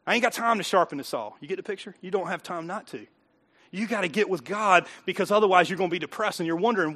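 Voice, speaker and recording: A man preaching a sermon, his voice pitched high and ringing bright. He talks in a folksy, emphatic way, dropping to quiet asides and then swelling into loud, driving bursts. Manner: folksy, emphatic preaching with rising outbursts and chuckles. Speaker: pastor.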